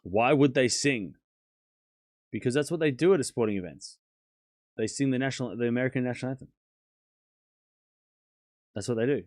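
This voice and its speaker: A man's voice: medium pitch, darkish tone, dry recording, clean studio sound. A young man with an Australian accent hosting a casual livestream, chatting with viewers and joking as he answers their questions. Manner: playful, jokey, quick to laugh and exclaim. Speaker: streamer hosting a tennis watchalong.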